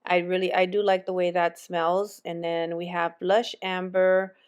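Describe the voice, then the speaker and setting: A woman's voice: on the low side, little pitch movement, unhurried, clear, resonant tone. A woman vlogger chatting casually with viewers as she walks through a shop and shows them what's on the shelves. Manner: chatty, friendly, addresses viewers as friends. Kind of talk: casual store walk-through chat. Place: retail store.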